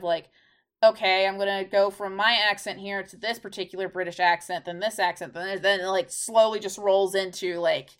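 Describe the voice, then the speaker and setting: A female podcast co-host chats loosely in a mid-range, slightly bright voice. She leans heavily on "like" as a filler throughout the casual conversation.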